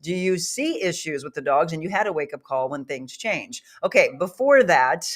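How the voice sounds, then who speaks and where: A woman hosting a live talk show, telling a story in a lively way and laughing often. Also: deep voice, moderate pace. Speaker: host.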